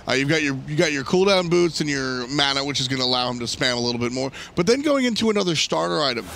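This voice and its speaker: A male esports caster with a bright, forward tone and a gravelly edge in his voice, sitting a little above the usual pitch for a man. He talks through the game analytically and chattily, often restarting his sentences, over a faint hiss of background noise. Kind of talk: live esports commentary.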